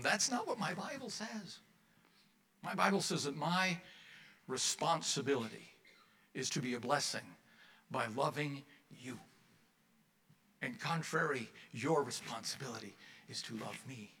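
A male pastor delivers a sermon to his congregation in a church. His voice is bright and forward, and he keeps the tone conversational, putting questions to the listeners and slipping in wry asides. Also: medium pitch, measured pace, long pauses.

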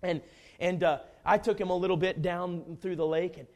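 A man preaching a sermon, telling a folksy, humorous personal story in an animated way. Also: sits high, moderate pace.

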